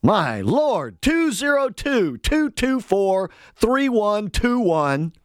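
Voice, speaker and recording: A man's voice: high voice, big pitch swings, takes it slowly, dry recording, studio quality. A man hosting a political talk radio show, delivering a fired-up, sarcastic monologue and calling on his listeners to act.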